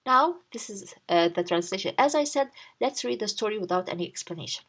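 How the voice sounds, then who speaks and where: Lively woman teaching. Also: medium pitch, a little fast. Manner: reads a line, then breaks it down word by word. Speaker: Turkish language teacher. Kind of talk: explaining a story for learners.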